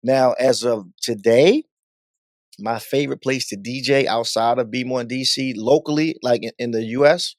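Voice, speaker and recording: A man's voice: mid-range voice, moderate pace, no room sound. A man from Baltimore, a guest DJ and radio host, telling stories animatedly in a casual interview. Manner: animated, acts out voices in stories.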